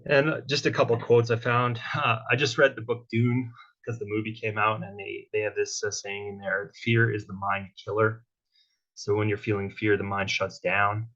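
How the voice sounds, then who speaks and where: A man's voice: on the low side, level tone, moderate pace, fairly bright tone. A man giving a casual motivational talk as a workshop guest speaker, checking in with tag questions like "right?" and "okay?". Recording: dull lo-fi sound.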